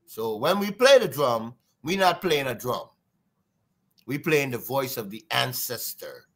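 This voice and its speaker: Trinidadian drummer, male, bright lively delivery, wide pitch swings, sing-song storyteller. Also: a little slow. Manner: lively, sing-song, imitates drum sounds. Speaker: guest drummer. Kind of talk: animated storytelling interview.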